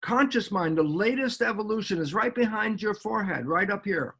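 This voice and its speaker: Animated American man explaining science. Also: high-pitched, a little fast, gravelly, breathy edge. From United States. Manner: animated, acts out little dialogues. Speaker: guest biologist. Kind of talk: explanatory interview answer.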